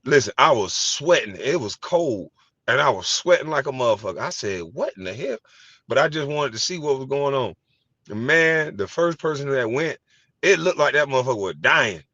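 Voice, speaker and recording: A middle-aged man hosting a casual chat, telling animated, profane stories and laughing easily. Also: medium pitch, normal speed, no room sound. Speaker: host. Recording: dry, slightly dull sound.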